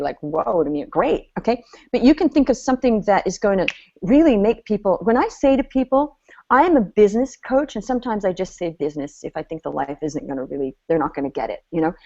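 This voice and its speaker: A chatty woman coach talks in a lively, playful way and laughs often. Her voice sits at a mid pitch. The audio is slightly dull and lo-fi. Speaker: business coach. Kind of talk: live online coaching seminar.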